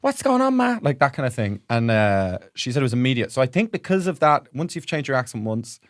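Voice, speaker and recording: Young guy telling animated stories. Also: mid-range voice, fast talker, dry recording, studio quality. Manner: animated storyteller, lots of impressions. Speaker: podcast co-host. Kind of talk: casual comedic chat.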